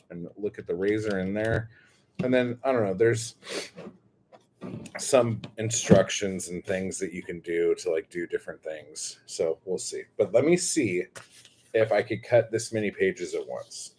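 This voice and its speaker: A man unboxing a new stapler in a casual vlog, excitable and gushing, often breaking into exclamations. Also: deep voice, slight background noise. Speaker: poet and chapbook maker.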